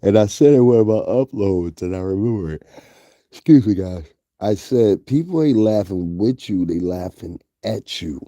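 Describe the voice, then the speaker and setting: This gossip vlogger speaks with a Northeastern US accent, his fairly low voice mellow yet expressive, moving at a moderate pace. He's casual, blunt, and profane as he talks to viewers, recorded close and dry with no room sound.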